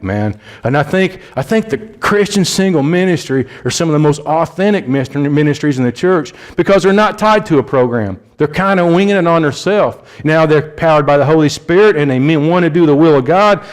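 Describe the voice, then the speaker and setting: Man, Indianapolis accent, slightly high voice, folksy sermon delivery with restarts. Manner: conversational, rambling, frequent restarts and "you know". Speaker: lay preacher.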